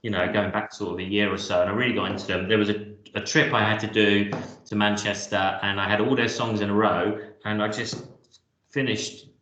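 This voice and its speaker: A man's voice: on the low side, steady tone, brisk, fairly bright tone, reverberant, highs cut off. A man co-hosting a music countdown, chatting casually and enthusiastically with rambling restarts. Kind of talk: casual chat.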